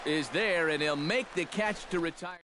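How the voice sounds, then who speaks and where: A man calling baseball pitch by pitch for a video game, his voice sitting a little high. He keeps a brisk, even delivery. Clear steady noise runs underneath. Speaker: play-by-play announcer.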